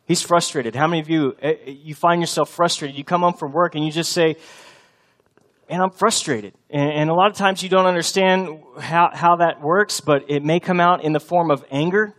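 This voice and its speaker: A man preaching a sermon in a conversational, storytelling way, acting out quotes and often getting softer or louder as he makes a point. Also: on the high side, steady tone, fairly quick, few pauses. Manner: conversational preaching, acts out quotes with shifts of loudness; many fillers and restarts. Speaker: pastor.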